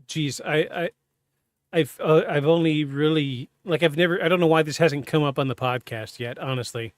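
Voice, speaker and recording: A man hosting a podcast, telling a personal story in a halting, candid, self-interrupting way. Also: on the high side, dry recording, clean studio sound. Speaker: podcast host. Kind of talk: casual storytelling.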